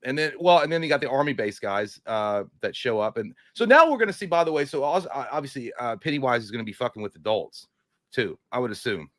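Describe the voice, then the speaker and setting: Man, co-host, casual recap chat, crude joking, fast talker, dry close sound. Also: mid-range voice, animated, a bit bright, dry recording. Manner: crude, joking, does mocking voices. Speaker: podcast co-host.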